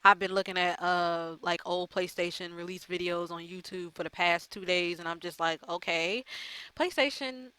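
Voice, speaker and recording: A woman's voice: on the low side, monotone, moderate pace, hardly any pauses, sharp tone, clean tone, no room sound. A woman gaming YouTuber chatting casually to her viewers, rambling and profane with lots of fillers. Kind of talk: casual chat to camera.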